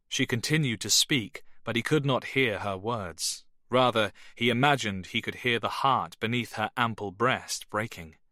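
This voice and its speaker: A man reading a thriller audiobook in measured, even narration. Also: lowish voice, no echo, studio quality. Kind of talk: scripted narration.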